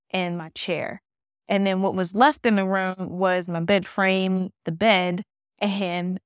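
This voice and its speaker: A woman's voice: medium pitch, smooth, dry recording. Dry-voiced woman podcaster rambling casually. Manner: rambling storytelling, heavy use of "like". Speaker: podcast host. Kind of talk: casual solo podcast chat. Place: her new apartment.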